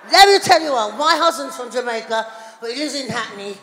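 A woman's voice: high-pitched, brisk. Brash woman doing stand-up in a hall. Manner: loud, brash and chatty with the crowd. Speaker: stand-up comedian. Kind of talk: live stand-up routine. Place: large hall on stage before a live audience. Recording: echoey hall, live audience noise.

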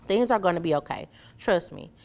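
Woman reading as Captain Love, gentle caped hero. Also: on the low side, expressive, brisk, vocal fry. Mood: reassuring. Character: kind caped male superhero, gentle and reassuring.

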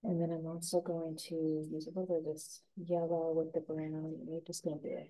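Soft-spoken woman teaching painting. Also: low-pitched, monotone, rough recording. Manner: gentle, soothing, unhurried instruction. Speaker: painting instructor. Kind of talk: step-by-step painting tutorial.

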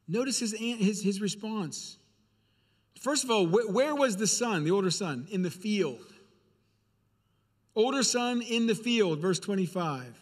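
A man's voice: high-pitched, animated, unhurried, long reverb tail. A male preacher giving a sermon in a church, speaking earnestly and repeating phrases for emphasis.

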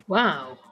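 Slow, rambling woman gaming. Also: medium pitch, sharp tone, dull audio. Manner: rambling, giggly, thinking aloud with many pauses. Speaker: let's play host. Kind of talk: casual gameplay commentary.

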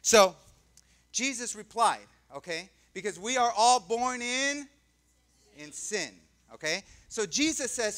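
A man's voice: sits high, expressive, moderate pace, pushed and bright. A male pastor preaching a conversational sermon, often asking the congregation questions and drawing out key words for emphasis.

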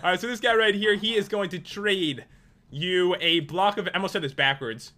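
A young man with a high, bright voice chats casually over a game. He jokes, rambles and leans on fillers as he explains the rules. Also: moderate pace. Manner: joking, rambling with many fillers. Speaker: gaming video host. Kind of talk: casual gaming commentary.

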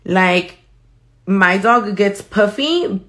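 A woman's voice: medium pitch, expressive, very slow, a bit bright. A woman, chatting casually with viewers and swearing freely while she demonstrates her work on a live tutorial. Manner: casual, swears freely, switches between English and Spanish. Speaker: nail artist.

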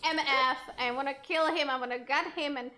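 A woman's voice: high voice, steady tone, brisk, sharp tone. A woman streaming a game live, talking emotionally to her viewers and swearing freely. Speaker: gaming streamer. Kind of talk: live gameplay commentary.

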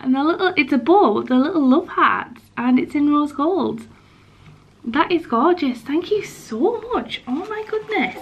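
A woman's voice: a little high, slight background noise. Gushing young woman vlogger. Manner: gushing, excitable, frequent gasps. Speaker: vlogger unboxing mail. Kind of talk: casual vlog chat.

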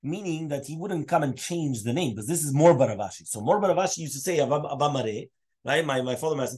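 A man's voice: fairly high pitch, lively intonation, fast talker, darkish tone, breathy edge. A man, a rabbi, teaching a Talmud class, mixing Hebrew and Aramaic terms into his English and quizzing his students. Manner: asks students questions. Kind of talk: Daf Yomi Talmud class.

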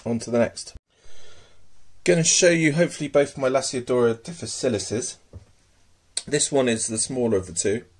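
In this casual hobby video, a tarantula keeper shows his pet spiders at home, murmuring affectionately to them with lots of hesitation and ums. His husky voice sits in the mid range, and he talks at a normal speed.

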